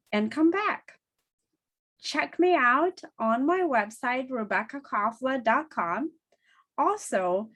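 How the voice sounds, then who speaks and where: Slow, deliberate woman commentator. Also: on the high side, a bit bright. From former Soviet Union. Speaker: commentator hosting her own channel. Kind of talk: scripted political commentary to camera.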